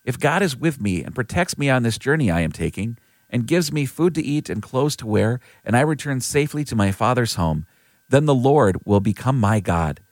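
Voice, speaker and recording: Brief: man doing earnest young Jacob, animated rises in pitch, dry close sound. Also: moderate pace, no room sound, natural voice.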